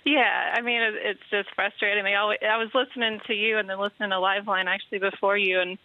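Texan woman, soft accent, easy-going, phone line sound, dry. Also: medium pitch, fairly even intonation, quick pace, dry recording. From Houston area, Texas. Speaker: caller. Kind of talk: phone-in chat.

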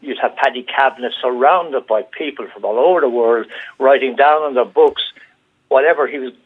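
Older man, Irish accent, phone-in caller, animated storytelling, thin telephone sound. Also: mid-range voice, normal speed, slightly rough. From Ireland. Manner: animated anecdote telling, acting out quoted voices. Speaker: radio caller. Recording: tinny phone line.

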